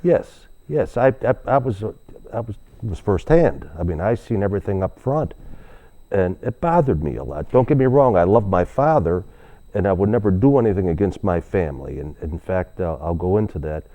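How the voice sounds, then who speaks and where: A man's voice: sits low, animated, normal speed, warm tone, lo-fi sound. An older man, a guest telling long stories in an interview, rambling with many restarts and fillers. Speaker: guest, author. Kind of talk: storytelling interview.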